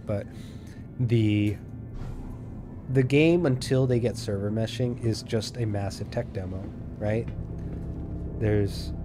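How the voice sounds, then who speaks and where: A man streaming a video game, giving casual, chatty commentary in a relaxed way and laughing often. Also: on the low side.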